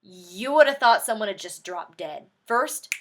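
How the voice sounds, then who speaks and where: A young woman vlogging an excited movie reaction, gushing and animated, with sudden high outbursts. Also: measured pace.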